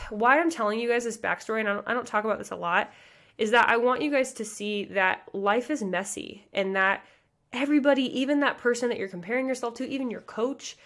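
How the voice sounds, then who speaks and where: Passionate fast-talking woman coach. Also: medium pitch, a bit bright. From US Midwest. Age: 30s. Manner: earnest, fast and passionate, with many "like" and "you guys" fillers. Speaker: pageant coach and podcast host. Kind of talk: motivational podcast monologue.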